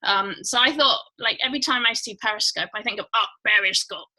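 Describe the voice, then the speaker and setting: High, bright-voiced woman hosting a chatty livestream. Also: quick pace, rough recording. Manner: rambling, chatty, many fillers; greets viewers by name. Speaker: livestream host. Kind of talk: casual livestream chat.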